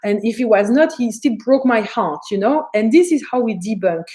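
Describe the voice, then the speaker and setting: A woman spiritual teacher on a live stream, chatty and animated, answering viewers' comments and laughing as she acts out the voices in her head. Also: a little high, normal speed.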